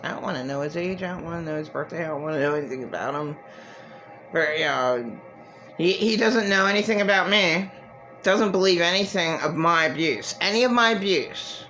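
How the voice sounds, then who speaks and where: A woman's voice: on the low side, fairly quick, a bit bright, soft background music, poor audio. A middle-aged woman giving an emotional monologue to camera, agitated and profane, repeating herself and restarting her sentences. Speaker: vlogger.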